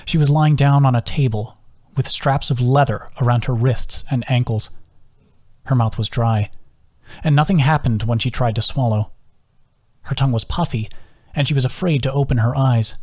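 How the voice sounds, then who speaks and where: A man reading his own novel aloud as audiobook narration, steady and measured. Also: medium pitch.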